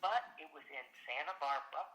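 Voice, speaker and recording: An older woman, an actress, telling stories from her career in an animated, exclamatory way during an interview. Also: sits low, quick pace, reverberant, poor audio. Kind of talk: casual storytelling interview.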